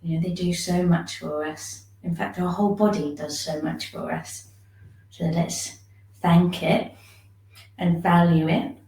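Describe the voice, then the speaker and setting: A woman teaching a shiatsu class, giving gentle, soothing step-by-step instructions for self-massage. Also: fairly low pitch, steady tone, measured pace, echoey room, distant mic, poor audio. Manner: gentle, soothing instructions, yawning now and then.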